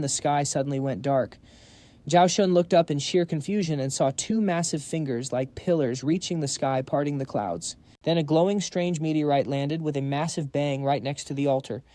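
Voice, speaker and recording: Mellow, dry-voiced male story narrator. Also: a little high, dry recording. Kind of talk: scripted story recap narration.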